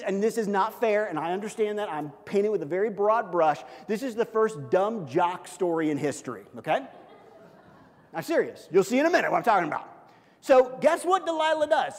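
A man's voice: sits high, in a large hall. A middle-aged male pastor preaching a sermon in a conversational, self-deprecating storytelling manner.

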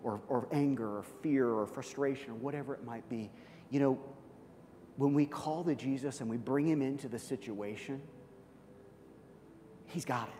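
A male pastor delivering a sermon at a middle pitch, voice ringing with long reverb in a large hall. His delivery is dramatic, rising to loud, high outbursts and falling to near-whispers. A faint low rumble sits underneath. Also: normal speed, pauses often. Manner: dramatic, swings from loud and high to soft and hushed.

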